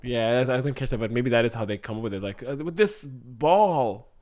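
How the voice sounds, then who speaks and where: A man's voice: mid-range voice, fast talker, a little mellow. A man co-hosting a comedy podcast, casually improvising a scene and laughing often. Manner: casual, laughs often, acts out lines in goofy voices.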